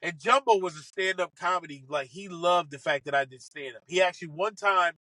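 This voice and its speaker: A man telling stories from his caddying days in an animated way, acting out what other people said. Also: sits high, dry recording, rough recording. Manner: fast, excitable, acts out other people's quotes. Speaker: podcast guest, former caddy. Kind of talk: animated storytelling.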